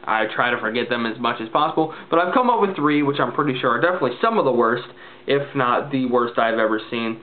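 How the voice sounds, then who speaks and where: A man's voice: mid-range voice, lively intonation, fast. A man casually ranting in a vlog, rambling and exasperated, with lots of filler words. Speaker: vlogger. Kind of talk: casual ranting movie review. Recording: tinny phone-like lo-fi sound.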